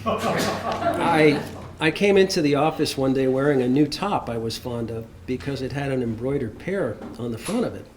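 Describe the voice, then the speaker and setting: A man's voice: medium pitch, lively intonation, brisk, few pauses, a crowd in the background. A man at a memorial service, reading written memories aloud with fondness and the occasional laugh. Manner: warm, fond reading, often laughing.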